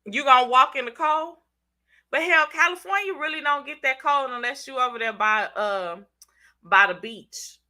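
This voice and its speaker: A woman's voice: high voice, normal speed, pushed and bright. A congested woman with a Southern US accent, hosting a casual live stream, chatting in slang and teasing viewers by name. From Southern United States. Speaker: channel host reading live chat.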